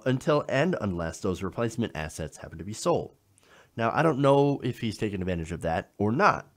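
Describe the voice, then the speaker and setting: A man hosting a political commentary show, explaining in an emphatic style and often checking in with the listener. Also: mid-range voice. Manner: emphatic, explanatory, frequent "now" and "okay?" checks.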